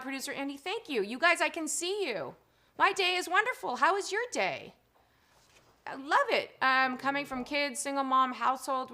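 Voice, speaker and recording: A high, bright woman's voice hosts a live stream, gushing over her viewers as she reads their chat messages. She is middle-aged and talks in an effusive, rambling way, sprinkled with "um" and "you guys". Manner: effusive and gushing, chatty with frequent 'um' and 'you guys'. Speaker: live-stream show host.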